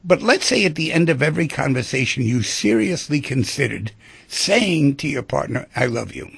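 A man's voice: mid-range voice, big pitch swings, moderate pace, gravelly, fairly bright tone, husky, no echo. A middle-aged man hosting a radio talk show, talking through feelings and relationships in a conversational way and acting out little scenes. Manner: conversational, acts out quoted voices. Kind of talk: reflective monologue on relationships.

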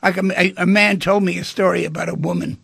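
Gravelly, husky man hosting talk radio. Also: sits high, quick pace, no echo, clean studio sound. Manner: animated, acts out dialogue in stories. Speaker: radio call-in show host.

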